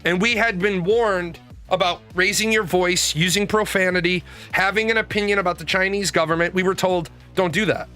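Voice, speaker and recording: A man's voice: sits high, steady tone, moderate pace, few pauses, pushed and bright, faint music behind. A man in a casual monologue, telling stories in a blunt, rambling way with frequent swearing. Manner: blunt, profane, rambling storytelling. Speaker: show host.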